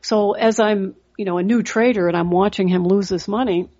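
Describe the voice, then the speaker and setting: A woman's voice: medium pitch, fairly even intonation, normal speed, dark tone, lo-fi sound. Earnest middle-aged woman podcast host. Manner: earnest storytelling, frequent "you know" fillers. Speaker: trading coach and podcast host. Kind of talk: motivational podcast talk.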